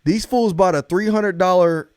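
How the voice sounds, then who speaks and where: A man in his thirties, a father, telling a story in a relaxed podcast chat and often addressing the others as "bro". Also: high-pitched, moderate pace, slight background noise. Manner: laid-back storyteller who keeps saying "bro". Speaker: podcast co-host.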